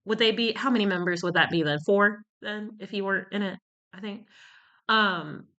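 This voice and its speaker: A woman's voice: medium pitch, moderate pace, sharp tone, dull audio. A woman talking in a casual commentary vlog. She rambles and searches for words, and she is short of breath from a cold. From United States. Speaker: YouTuber.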